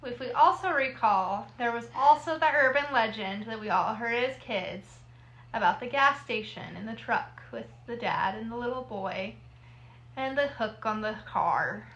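A woman's voice: a little high, lively intonation, normal speed, fairly bright tone, highs cut off. A woman co-hosting a podcast, chatting casually in an upbeat, teasing way. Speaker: podcast co-host. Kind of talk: casual chat.

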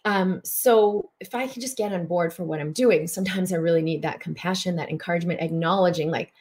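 A middle-aged woman hosting a live broadcast, giving a spiritual coaching talk with animated, breathy exclamations. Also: fairly low pitch, brisk, hardly any pauses.

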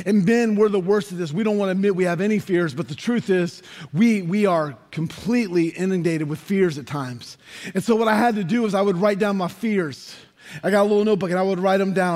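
A man in his forties preaching a sermon, telling stories with animated energy and rising to shouts for emphasis. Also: sits high, brisk. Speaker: pastor.

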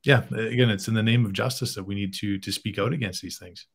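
A man from Canada speaks as a guest in a podcast conversation, with a fairly low voice. He talks earnestly and at a measured pace. He works through his points with small fillers. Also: steady tone, breathy edge.

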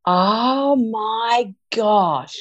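A woman's voice: on the high side, drawn-out words, dull audio. A woman hosting a podcast interview, bubbly and laughing often. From Australia. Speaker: podcast host. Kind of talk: casual interview chat.

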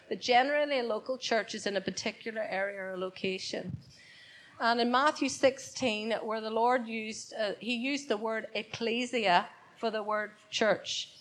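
A woman's voice: a little high, fairly bright tone, poor audio. Woman preaching, emphatic and unscripted. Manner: unscripted, repeats key words for emphasis. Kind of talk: sermon. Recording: church service, congregation present.

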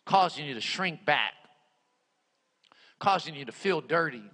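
A man preaching a sermon, repeating his phrases and swinging between loud emphatic lines and hushed ones. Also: a little high, expressive, a little slow, husky. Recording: long hall reverb.

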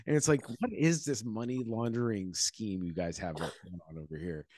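A man's voice: on the low side, normal speed, no echo. Laughing, wry man in dry chat. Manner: rambling, wry, laughs often, trails off quietly. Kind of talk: casual podcast chat.

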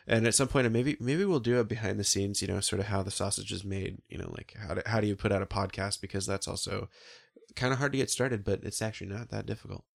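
A man with a lowish voice that sounds nasal and sick, co-hosting a loose podcast. He jokes around and rambles, padding his talk with plenty of fillers. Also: creaky. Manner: joking, rambling with many fillers. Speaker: podcast co-host. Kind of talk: casual podcast chat.

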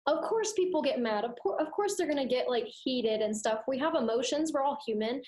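A woman's voice: sits high, a little fast. A young woman, a student co-host, chatting casually with lots of fillers and acting out quoted voices. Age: young adult. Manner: animated, acts out quoted voices, many fillers. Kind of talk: casual chat. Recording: echoey room.

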